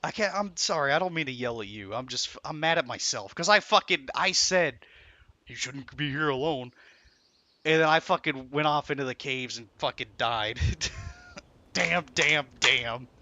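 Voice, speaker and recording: Young male streamer, bright voice, swears a lot while ranting to chat. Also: medium pitch, animated, moderate pace, no room sound, lo-fi sound. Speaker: game streamer. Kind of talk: frustrated live-stream commentary. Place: home room while streaming.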